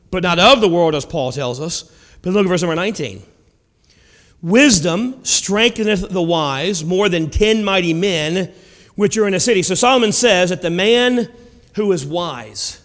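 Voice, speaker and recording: A man preaching a sermon, dramatic, swinging between loud emphasis and hushed lines. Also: high-pitched, big-room sound.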